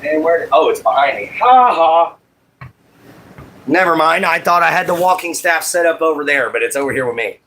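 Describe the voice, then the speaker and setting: Bright-voiced man chatting on a livestream. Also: a little high, lively intonation, normal speed. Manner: greets viewers by name, apologetic about audio. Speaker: livestream host. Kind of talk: casual livestream chat while crafting.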